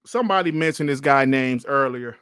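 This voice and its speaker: A man hosting a gaming podcast, ranting in an exasperated, animated way on a livestream, repeating himself and sighing between phrases. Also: mid-range voice, brisk, smooth, no room sound. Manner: sighs and coughs between phrases. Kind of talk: livestream commentary and rant.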